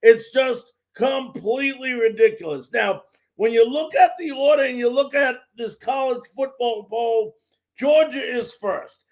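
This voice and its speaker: A man's voice: very high-pitched, measured pace. A man hosting a live sports talk show, ranting with fired-up frustration and repeating words for emphasis.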